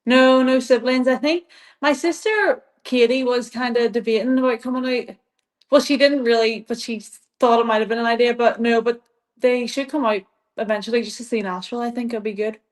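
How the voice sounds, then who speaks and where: A young Irish woman, a guest athlete, chats casually in an interview, rambling with plenty of "like" and laughing often. Her pitch is fairly high, her intonation fairly even, and she speaks fairly quickly.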